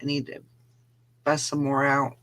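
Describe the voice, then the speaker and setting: A woman's voice: rumbling low, completely flat delivery, measured pace, a bit bright. A woman co-hosting a casual live-stream morning show, laughing easily and trailing off mid-sentence. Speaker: co-host of a reseller morning show.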